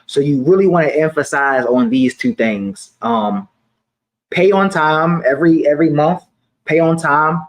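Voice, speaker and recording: A man in his twenties talking casually to camera about money, relaxed and slangy, often repeating his points. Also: on the high side, a little slow, rough recording. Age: 20s. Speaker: personal finance vlogger.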